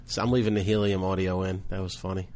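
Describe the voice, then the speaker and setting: A man's voice: low-pitched, little pitch movement, quick pace, a little mellow, slight background noise. A man co-hosting a podcast in casual chat, joking and teasing his partner. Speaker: podcast co-host.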